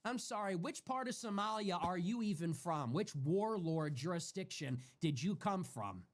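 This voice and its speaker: A man's voice: sits high, animated, moderate pace. A man hosting a livestream, ranting in a heated, profane way and repeating himself for emphasis. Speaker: livestream host. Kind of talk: heated solo livestream rant.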